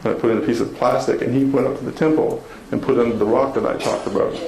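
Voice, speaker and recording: Canadian man, keynote speaker, quick animated storyteller, echoey conference hall. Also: medium pitch, creaky. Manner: animated, chatty storytelling with audience laughter. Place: conference hall before an audience. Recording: echoey hall with faint noise.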